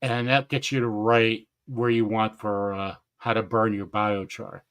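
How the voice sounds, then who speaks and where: A man hosting a gardening live stream in casual chat, excitable, laughing often and stumbling over names. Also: lowish voice, a little slow, clean tone.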